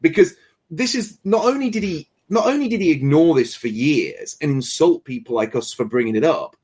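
A man hosting a casual discussion show, talking in an animated, sarcastic and indignant way. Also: fairly high pitch, normal speed, husky. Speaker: show host.

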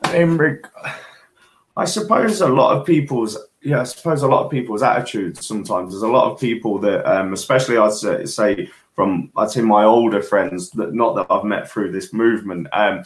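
Hesitant low-voiced man in an echoey room. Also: moderate pace. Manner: hesitant, with many fillers and restarts. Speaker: livestream guest. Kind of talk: casual livestream chat. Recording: roomy, echoey sound.

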